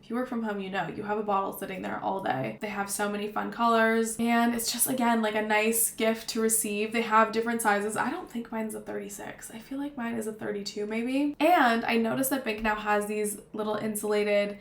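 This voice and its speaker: Young woman rambling casual, mid pitch, kinda echoey room. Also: fairly even intonation, fairly quick, vocal fry, hardly any pauses. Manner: chatty, rambling, lots of fillers. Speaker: vlogger. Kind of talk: casual gift-guide talk to camera. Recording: roomy echo.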